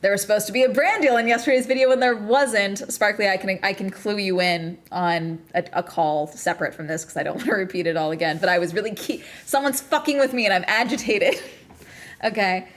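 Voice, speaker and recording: A woman's voice: medium pitch, brisk. A woman streamer in casual livestream chat, still agitated and ranting with lots of swearing and bursts of laughter.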